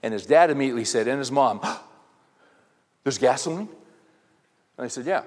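Speaking very fast in a mid-range voice, a middle-aged man gives a conversational sermon to men, full of rambling anecdotes and rhetorical questions aimed at the crowd. The hall around him is reverberant.

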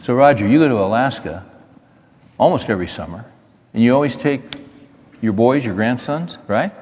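A man's voice: mid-range voice, animated, normal speed, long pauses, a little mellow. A middle-aged man giving a folksy, repetitive talk in sermon style to a men's gathering, stopping to chat with people in the audience. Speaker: speaker at a men's event. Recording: hall reverb.

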